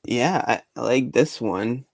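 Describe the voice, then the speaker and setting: A man reading a viewer question aloud on a livestream in a low-key way. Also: slow pace, creaky, dry recording.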